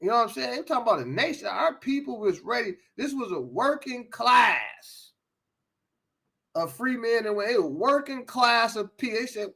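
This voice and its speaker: A man's voice: very high-pitched, expressive, moderate pace, gravelly, sharp tone. An American man giving an impassioned talk, emphatic, often repeating and restarting his phrases. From United States.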